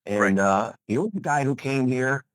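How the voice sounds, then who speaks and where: A man's voice: medium pitch, animated, moderate pace, no room sound, rough recording. Older man, mid-range voice, emphatic, repetitive phrasing, motivational, dry sound. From USA. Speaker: guest, retired pro bodybuilder. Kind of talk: enthusiastic motivational interview talk.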